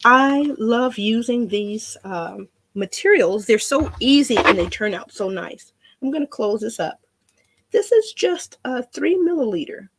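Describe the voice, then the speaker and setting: A woman's voice: a little high, animated, measured pace, slight background noise. A woman demonstrating a painting craft in a chatty, rambling way, often repeating her words.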